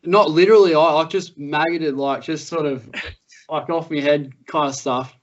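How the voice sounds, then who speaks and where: With a fairly high pitch, fairly even intonation, and normal speed, this young Australian podcast co-host tells stories casually and laughs his way through them in a laid-back manner. The muffled, lo-fi recording has slight background noise.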